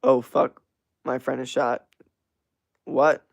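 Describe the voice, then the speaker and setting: A young man hosting a livestream, chatting casually and reacting to viewer comments in a rambling, profane, animated way with lots of fillers. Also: medium pitch, slow pace, vocal fry, muffled recording. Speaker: livestream host.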